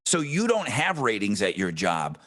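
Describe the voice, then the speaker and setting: A man with a fairly low voice talks at normal speed as he co-hosts a podcast. He's a radio host who tells stories with animation in casual chat, swearing freely throughout.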